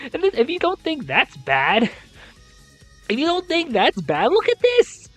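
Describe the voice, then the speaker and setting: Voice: medium pitch, no room sound. A young adult host recapping a college esports league, reading scores and ranting with exasperated disbelief and casual swearing.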